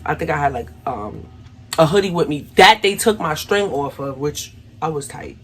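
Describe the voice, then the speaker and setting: A woman's voice: low voice, animated, normal speed, slight background noise. A young adult woman telling a personal story to her viewers in a casual, chatty way, often calling them y'all. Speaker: vlogger.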